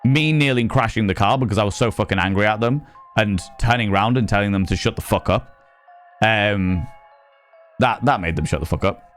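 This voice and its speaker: A man chatting on a live stream, telling animated, sweary stories and reading out chat messages. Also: lowish voice, fairly quick, soft background music. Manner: sweary, animated storytelling, reads chat aloud.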